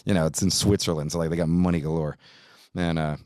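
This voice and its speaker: A man's voice: sits low, fast, darkish tone, smooth, no echo. A middle-aged man tells a rambling, profane story as host of his own podcast. He leans on "dude" and "like" and swears casually. The sound is dry and close, with no room around it.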